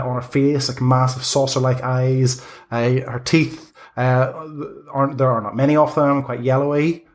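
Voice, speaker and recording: Halting man narrating as game master. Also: medium pitch. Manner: halting, many ums and restarts.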